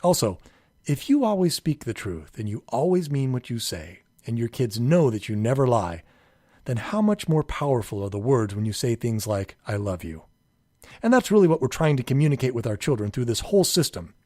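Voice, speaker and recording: A man giving calm, earnest scripted narration for a parenting course, sometimes acting out a child's pleading questions. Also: a little fast, dry recording, studio quality. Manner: calm, earnest, acts out children's pleas in a higher voice.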